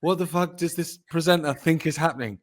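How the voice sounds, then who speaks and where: A man's voice: a little high, brisk. A man co-hosting a podcast, telling jokey stories in casual banter, often laughing and swearing. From Britain. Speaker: co-host.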